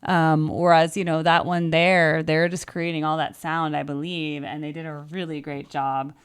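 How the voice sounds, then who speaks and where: A woman's voice: low-pitched, level tone, moderate pace, clear, resonant tone. A woman vocal coach giving casual, enthusiastic reaction commentary, chatting freely and now and then singing short phrases to demonstrate.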